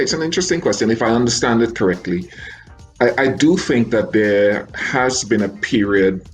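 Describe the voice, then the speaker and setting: A male cricket commentator giving careful, deliberate analysis and qualifying his points, with soft music underneath. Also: sits low, poor audio. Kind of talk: measured analytical answer.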